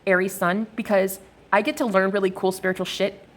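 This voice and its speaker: A woman talking casually in a spiritual vlog, animated, swearing, and swinging her voice up high for emphasis. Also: fairly quick. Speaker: spiritual vlogger.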